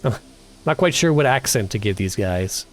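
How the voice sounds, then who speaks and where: A man's voice: on the low side, lively intonation, moderate pace, faint music behind. A man streaming a horror game, reading its dialogue aloud and dropping jokey asides. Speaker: VTuber streamer. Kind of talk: horror game let's play with casual commentary.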